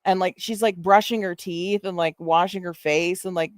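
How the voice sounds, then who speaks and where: A woman's voice: fairly low pitch, fairly even intonation, moderate pace, dry recording, clean studio sound. A woman hosting a casual stream, talking in a profane, mocking, rambling way with lots of fillers. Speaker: host.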